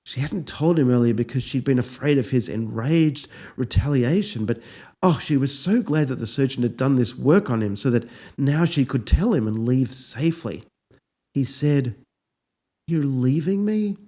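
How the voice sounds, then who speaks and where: A man, a professor, narrating a story in a dry, deadpan, unhurried manner. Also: medium pitch.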